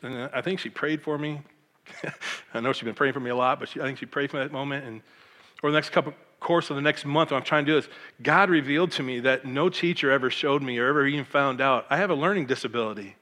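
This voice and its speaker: A middle-aged pastor from Michigan, USA, tells his life story as a personal testimony, animated and emotional, acting out the voices of the people in it. His mid-range voice moves fast, and the recording carries a long reverb tail.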